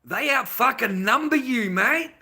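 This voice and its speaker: An Australian man livestreaming, greeting chat and ranting in a rambling, heavily profane way, swinging between low mutters and loud outbursts. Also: lively intonation, measured pace. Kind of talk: casual ranting monologue.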